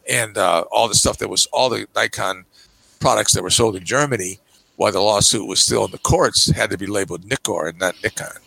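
An older man chatting as a podcast guest, telling stories emphatically with frequent "okay"s and sudden jumps in pitch. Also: gravelly, bright, forceful tone, no echo, low-quality recording. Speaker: podcast guest, camera magazine publisher. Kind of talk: casual podcast chat.

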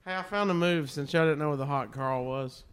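A man's voice: fairly high pitch, fairly quick, clean tone. A man co-hosting a podcast at a house party, joking crudely and laughing often. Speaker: podcast co-host. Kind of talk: rowdy party banter.

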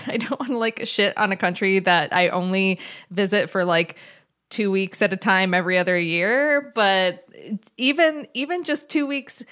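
A woman's voice: mid-range voice, normal speed, fairly bright tone, clean tone. American woman, podcast host, easygoing chat, laughs a lot. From United States. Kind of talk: casual chat.

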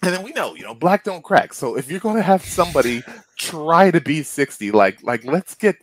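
A man co-hosting a casual movie review podcast, rambling with many fillers and restarts, and getting animated when he is annoyed. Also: a little high, normal speed. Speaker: podcast co-host.

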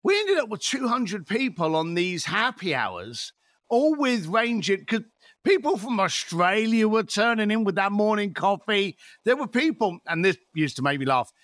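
Blunt fifty-something guy ranting on a podcast, high bright voice, dry sound. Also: very animated, normal speed, dry recording. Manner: blunt, swearing, rant-like storytelling. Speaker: guest. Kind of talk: podcast interview.

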